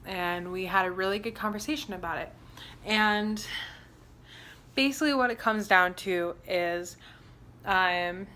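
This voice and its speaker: A young woman speaks in a bright, clear-edged voice that sits a little low in pitch. She tells a personal story candidly and casually, pausing often with fillers and starting sentences over. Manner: candid, halting, many fillers and restarts. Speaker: vlogger.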